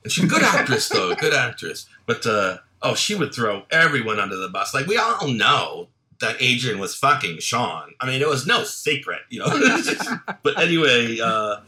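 Bright-voiced man telling rambling anecdotes. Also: medium pitch, sing-song, normal speed, hardly any pauses. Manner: rambling, anecdotal, laughs often. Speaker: film director, guest. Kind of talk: casual chat.

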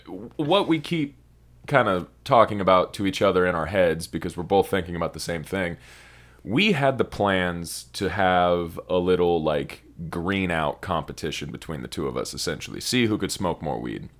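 Young guy with a really low voice, rambling podcast chat, swings all over. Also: animated, normal speed, a bit bright. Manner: rambling, swears a lot. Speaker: podcast co-host. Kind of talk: stoned casual chat.

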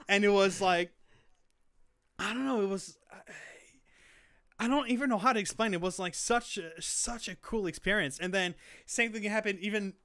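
Young male podcast co-host, bright and clear-voiced, rambling and excitable. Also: sits high, a little slow, long pauses. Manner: excitable, rambling, many fillers. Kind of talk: casual chat.

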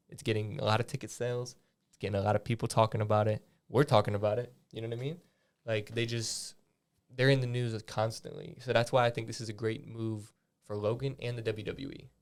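A man's voice: medium pitch, smooth. A young man co-hosting a podcast in casual chat, rambling with lots of fillers and restarts, and swearing freely. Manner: frequent swearing. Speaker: podcast co-host.

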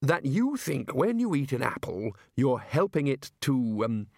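A man's voice: medium pitch, sing-song, a little slow, gravelly, darkish tone, dry recording, clean studio sound, full character voice. A man doing Ridcully, a blustering wizard chief. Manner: blustering, hectoring questions.

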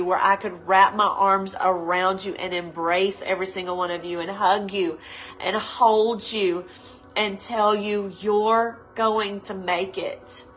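This woman pastor, heard through a rough recording, preaches a live devotional with a lowish, somewhat bright voice. She's earnest and imploring, near tears, echoing her own phrases and drawing out words to linger on them.

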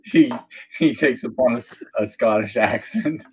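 A man's voice: mid-range voice, normal speed, crowd noise. A man as a podcast guest, wry and blunt, on slightly dull remote audio with faint noise. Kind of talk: casual chat.

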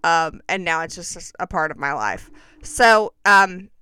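A woman's voice: fairly low pitch, a little slow, sharp tone, smooth, dry recording. A woman telling a personal story in a casual, chatty way, full of self-mocking and dramatic asides.

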